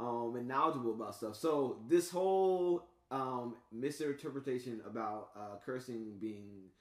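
A man with a Bay Area accent, co-hosting a casual podcast chat, animated and often laughing as he acts out quoted lines. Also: medium pitch, measured pace, roomy sound. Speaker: podcast co-host.

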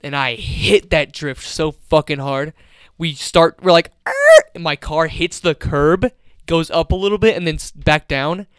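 A man's voice: on the high side, unhurried, smooth, no room sound, studio quality. A young man co-hosting a podcast, telling rambling stories in casual chat and swearing freely. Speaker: podcast co-host.

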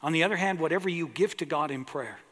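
A man's voice: fairly high pitch, fast, fairly bright tone. A man preaching a sermon as pastor, earnest and emphatic, drawing out his key words. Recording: long echo of a large hall.

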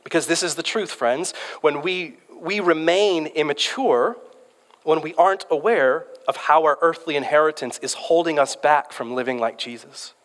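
A man's voice: a little high, moderate pace, a bit bright. A man in his thirties preaching a sermon in a conversational, storytelling way, often restarting his words. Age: 30s. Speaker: pastor. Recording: long hall reverb.

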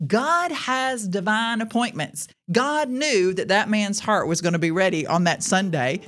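A woman's voice: mid-range voice, a little slow, fairly bright tone, soft background music. A woman telling a personal faith testimony in a podcast, speaking earnestly and addressing her listeners directly. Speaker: Christian speaker sharing a testimony.

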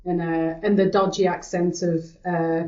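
A woman's voice: on the low side, little pitch movement, a little slow, a little mellow. A woman co-hosting a casual film chat, enthusiastic and agreeable. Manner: enthusiastic, agreeable, laughs often. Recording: dull lo-fi recording.

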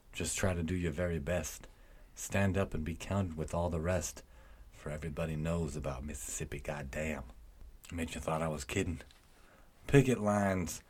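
A man with a deep, husky voice reads song lyrics aloud for a podcast. His delivery is dramatic and it swells with intensity as the verses go on. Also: darkish tone. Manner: declaims with rising intensity. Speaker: co-host reading lyrics.

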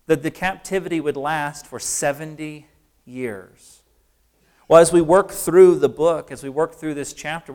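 A man preaching a sermon in an earnest, emphatic way, slowing down to stress key phrases. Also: a little high, a little mellow.

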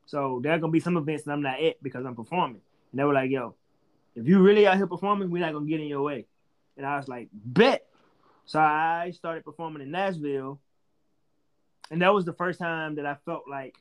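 A man tells stories as a guest on a podcast. His voice sits fairly high, and he talks in an animated way with plenty of swearing. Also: a little fast. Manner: animated, profane storytelling. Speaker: stand-up comedian, podcast guest. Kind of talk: casual storytelling chat.

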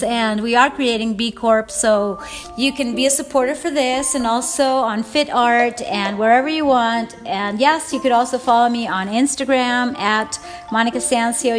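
A woman fitness coach talking emotionally and rambling in a casual vlog, laughing often, recorded on a phone without a mic. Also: fairly high pitch. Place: at home, Eastern US time. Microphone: phone without external mic.

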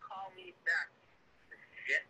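An angry man leaving a voicemail, swearing with shouting bursts, played back from a phone. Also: sits high, steady tone, slow pace, husky, rough recording.

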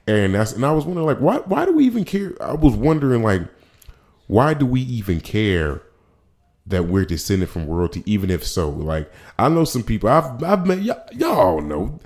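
A man's voice: medium pitch, sing-song, normal speed, darkish tone. A man hosting his own podcast in a casual solo monologue, rambling with frequent restarts and slang asides. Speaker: podcast host.

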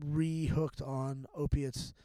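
A man's voice: a little high, little pitch movement, slow pace, mellow, dry recording. A middle-aged man talking as a podcast guest in a candid, casual chat, rambling and profane, with many restarts and fillers.

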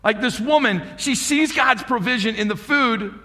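A high-voiced pastor preaches with emphatic drive, throwing rhetorical questions to his congregation. His bright tone rings out with a long hall reverb trailing behind it. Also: normal speed. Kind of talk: sermon.

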